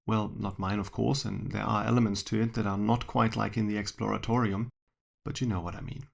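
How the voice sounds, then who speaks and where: A man's voice: on the low side, steady tone, moderate pace, vocal fry. A man who works as a science educator, reading his own short story aloud in a dry, wry first-person manner.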